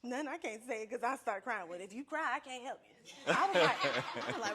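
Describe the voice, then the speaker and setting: A young woman, a podcast guest, telling stories in a casual, animated way, full of swearing and laughter. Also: a little high, fast, crowd noise. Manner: profane, animated, laughing often. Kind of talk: casual storytelling. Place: podcast studio with a live audience.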